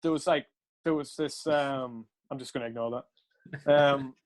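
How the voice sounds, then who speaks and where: A man's voice: mid-range voice, fairly even intonation, moderate pace. A young man, casually telling a rambling night-out story, laughing and swearing between fillers. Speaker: podcast co-host.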